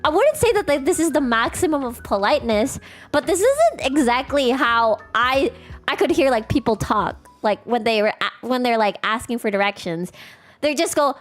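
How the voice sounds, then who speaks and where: High bouncy young girl streamer, swoopy voice, giggly, soft music behind. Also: moderate pace. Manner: animated, giggly, acts out polite strangers and sings snatches of songs. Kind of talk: casual chat with livestream viewers.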